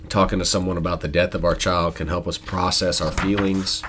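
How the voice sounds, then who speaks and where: A man hosting a faith-based podcast, talking in an earnest, reflective, steady way. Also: low-pitched, brisk, noisy background. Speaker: podcast host.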